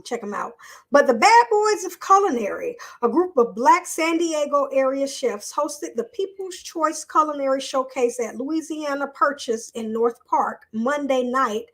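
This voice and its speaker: A woman's voice: high-pitched, fairly bright tone. A woman hosting a live online show, chatting casually with viewers and reading a news article aloud in a loose, off-the-cuff way.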